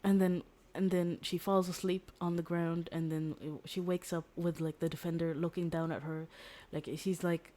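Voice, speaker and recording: A woman's voice: lowish voice, little pitch movement, moderate pace, warm tone. A young woman streamer casually retelling a book's story, rambling with lots of fillers and restarts. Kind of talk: casual storytelling recap of a book.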